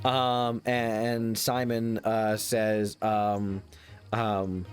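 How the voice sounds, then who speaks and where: A man's voice: lowish voice, level tone, very slow, clear, resonant tone, faint music behind. A man narrating a tabletop role-playing game as game master, in a loose, rambling way with many fillers.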